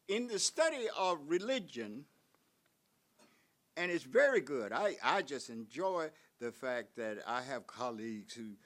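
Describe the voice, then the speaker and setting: Slow, lively-pitched older male professor. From United States. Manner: reflective, asks many rhetorical questions; halting, with frequent fillers and restarts. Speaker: professor giving a keynote lecture. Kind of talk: academic conference lecture.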